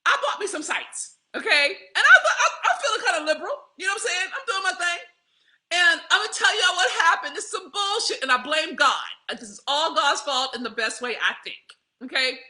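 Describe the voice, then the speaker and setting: A woman, telling a candid personal story to her viewers in a profane, animated way, laughing often. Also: extremely high pitch, a little fast. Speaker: vlogger.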